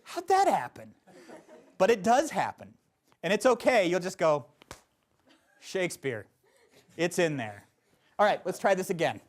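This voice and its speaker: Animated male acting teacher. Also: high-pitched, measured pace, long pauses. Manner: animated, explanatory, playful asides. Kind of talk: classroom instruction.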